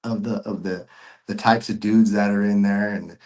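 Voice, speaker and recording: A man's voice: fairly low pitch, fairly even intonation, moderate pace, a little mellow. A man sharing a personal faith testimony as a podcast guest, earnest and emotional, with casual slang and frequent repeats.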